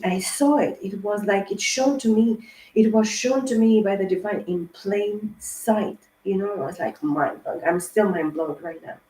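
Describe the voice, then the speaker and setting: Woman tarot reader, casual rambling monologue, emphatic and profane, mellow tone, echoey room. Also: medium pitch. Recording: roomy echo.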